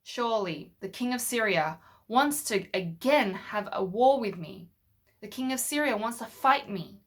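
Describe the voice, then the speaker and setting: A woman's voice: on the high side, expressive, a little slow. A woman voicing an angry, panicking king in a storybook tale told to children. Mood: upset. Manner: exclaiming in alarm.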